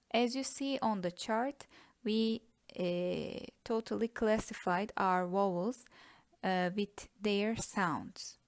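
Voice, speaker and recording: A woman's voice: mid-range voice, a little mellow. A woman with a Turkish accent teaching a grammar lesson, patiently breaking words into syllables. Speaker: language teacher. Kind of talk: slow explanatory lesson.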